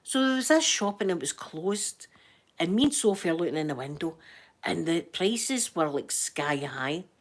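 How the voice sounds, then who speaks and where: A woman's voice: fairly low pitch, animated, normal speed. A Scottish woman hosting a casual live chat with her viewers, telling funny stories, laughing often and acting out what people said. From Scotland. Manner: chatty storyteller, laughs often, acts out quoted voices. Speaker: livestream host chatting to viewers.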